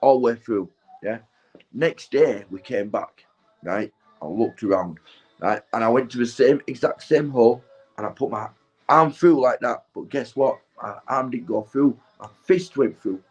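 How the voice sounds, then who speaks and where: A man's voice: medium pitch, animated, normal speed, faint music behind, poor audio. Stoned guy rambling. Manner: sweary, keeps tagging "right?" and "mate". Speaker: vlogger. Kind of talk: rambling casual storytelling.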